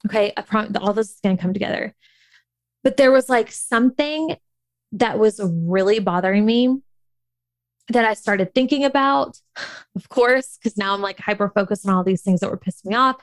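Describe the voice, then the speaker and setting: A woman's voice: medium pitch, normal speed, no echo. Candid woman in her thirties, rambling story. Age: 30s. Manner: candid, emotional, many fillers and restarts. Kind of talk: casual personal storytelling.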